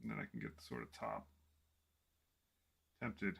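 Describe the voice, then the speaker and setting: A man casually thinking aloud to himself while painting a miniature in his small home office, relaxed and self-deprecating. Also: extremely low pitch, moderate pace, creaky, husky.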